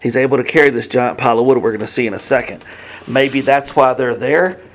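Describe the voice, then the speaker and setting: Fifty-ish guy preaching, chatty and halting, drops quiet then gets loud. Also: medium pitch, a little hiss or hum. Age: 50s. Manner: conversational, halting with many restarts, swings between hushed and emphatic. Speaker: pastor. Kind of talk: sermon.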